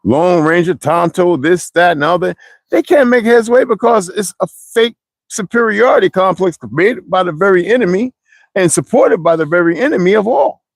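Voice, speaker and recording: A man's voice: high-pitched, moderate pace, gravelly, dry recording. A man talking on a livestream, preaching in a rambling, wandering way and reading out viewer comments. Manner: animated, preachy, digressive.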